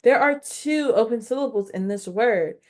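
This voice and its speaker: In a video phonics lesson, a woman with a slightly high, somewhat dark voice addresses her learners directly. She goes slowly and instructively, sounding out every syllable and encouraging them as she goes.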